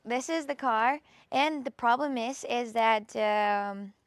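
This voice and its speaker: A woman's voice: a little high, slow pace, no room sound. A woman hosting a casual live stream outdoors in her backyard, talking into her phone camera and often restarting her sentences. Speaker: livestream host.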